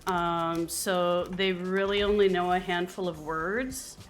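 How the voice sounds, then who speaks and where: Slow, chatty Canadian woman streamer. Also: on the low side, fairly even intonation, faint music behind. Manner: chatty, laughs often. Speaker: live streamer. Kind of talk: casual chat while streaming a game.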